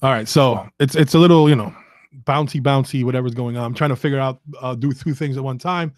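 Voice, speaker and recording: Fast-talking and a little mellow in a mid-range voice, a middle-aged podcast host rambles profanely and mutters to himself while getting a live stream set up on his own show. The recording is dry, with clean studio sound.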